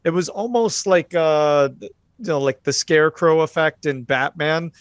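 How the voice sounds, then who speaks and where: A man's voice: fairly high pitch, measured pace, dry recording. A man with a slightly raised voice narrates a tabletop horror game as game master. He talks loosely, with lots of fillers and restarts. The sound is dry and close.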